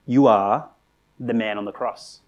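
A man preaching a sermon in a conversational, earnest way, asking rhetorical questions and rising to animated emphasis. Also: on the low side, measured pace, highs cut off. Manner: conversational with frequent restarts and "right?".

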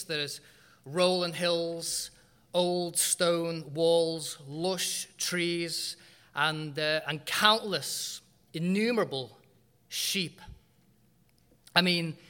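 Bright-voiced preacher in a reverberant hall. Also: male voice, high-pitched. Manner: humorous storytelling with dramatic pauses. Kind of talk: sermon.

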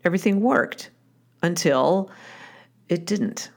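A woman with a notably low-pitched voice tells a story from her own life. Her delivery is candid and wry, with the loose rhythm of conversation and frequent restarts. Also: takes it slowly, creaky, over loud music. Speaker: wife and mother. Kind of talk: personal storytelling.

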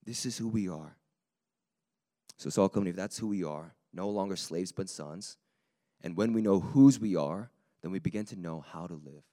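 A male preacher with a slightly low, raspy voice. He delivers his sermon in a lively, conversational way and pushes hard on the key points. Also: moderate pace. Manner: lively and conversational, building to emphatic peaks.

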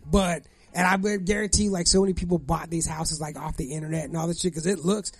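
A man's voice: fairly high pitch, steady tone, quick pace, breathy edge, faint music behind. A young man from the Los Angeles area telling a profane story in casual chat, acting out voices. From Gardena, Los Angeles area.

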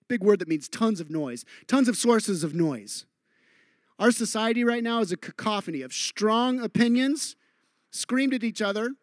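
High-voiced, earnest preaching man. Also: no echo, studio quality. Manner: earnest, drops to a hushed voice on key lines; acts out quoted voices with humor. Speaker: pastor. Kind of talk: sermon.

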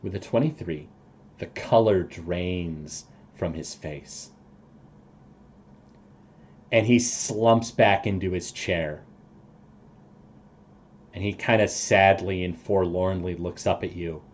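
Game master, male, very deep voice, unhurried deliberate narration.

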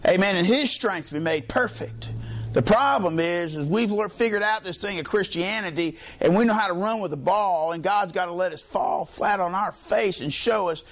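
A man preaching a sermon, impassioned and folksy, climbing to near-shouts. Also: high voice, moderate pace.

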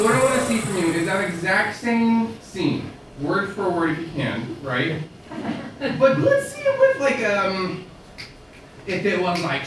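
A man's voice: high voice, background noise, voice pushed up. A man performing a live improv scene as a bossy theater teacher who commands his student and waves off objections. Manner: pushy, commanding, talks over objections. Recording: loud live crowd, roomy stage sound from a distance.

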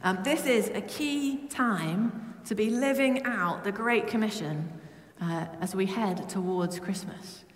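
A woman from Britain preaching a lively, humorous sermon to her church. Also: medium pitch, takes it slowly, hardly any pauses. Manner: humming song snippets. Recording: echoey church with long reverb.

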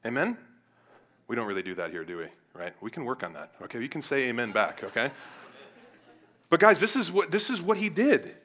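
Pastor from Cleveland, bright voice, chatty sermon that jumps from loud to hushed. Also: male voice, mid-range voice, fairly quick, long pauses. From Cleveland, United States. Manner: conversational and animated, swinging between loud bursts and quiet asides.

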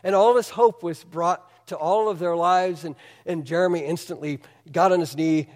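High-voiced man preaching in a reverberant hall. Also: normal speed. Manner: animated storytelling, asks the audience questions. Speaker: pastor. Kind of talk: sermon.

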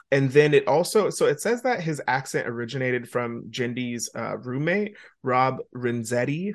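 A man co-hosting a podcast in casual chat, rambling along with lots of ums and uhs. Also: medium pitch. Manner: chatty and rambling, with many fillers. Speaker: podcast co-host.

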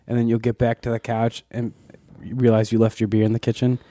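A man's voice: medium pitch, monotone, a little fast, mellow, dry recording, clean studio sound. A man co-hosting a podcast in casual, rambling chat, swearing freely. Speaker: podcast co-host.

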